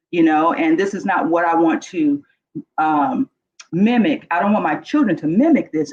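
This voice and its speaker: A woman's voice: medium pitch, darkish tone, muffled recording. A middle-aged woman, emotional and earnest, frankly telling her life story as a guest panelist on a video call. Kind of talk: candid personal storytelling.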